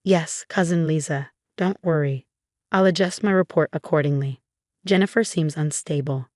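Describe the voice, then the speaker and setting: A corrupt male doctor, calm and clinical, read by a woman narrator. The voice stays low and dry, the narrator's own. A storybook read. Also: moderate pace, no echo, lightly acted.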